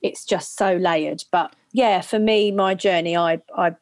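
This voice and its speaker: A woman from England, an actress and comedian telling her story as a podcast guest, halting and repeating herself. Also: on the low side, no room sound. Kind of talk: casual interview chat.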